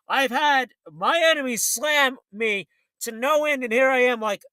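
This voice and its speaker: A man's voice: extremely high pitch, a little slow, bright, forceful tone, smooth, no echo. A man hosting a political talk show, ranting in a fiery, blunt, combative way.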